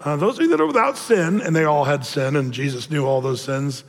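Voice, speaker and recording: A high-voiced man preaching with animated storytelling, jumping into little voices for the people he describes. His words carry a long reverb, as if spoken in a large hall. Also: brisk. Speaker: pastor. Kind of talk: sermon.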